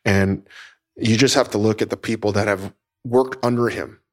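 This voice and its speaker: A man hosting a podcast, talking in a halting, emotional way with many restarts. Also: lowish voice, fairly even intonation, darkish tone. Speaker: podcast host. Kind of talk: casual podcast talk. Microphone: teleconference recording.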